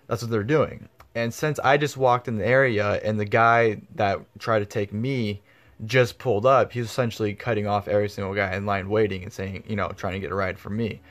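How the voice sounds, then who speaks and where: A man's voice: on the low side, fairly even intonation, fairly quick. A man telling a story in a casual vlog, rambling with lots of fillers and swearing freely. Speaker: vlogger.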